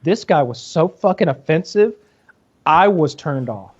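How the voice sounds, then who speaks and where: A man hosting a podcast, telling a crude story in an animated, casual way over a video call with dull lo-fi audio. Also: a little high, a little slow. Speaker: podcast host. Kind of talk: casual chat.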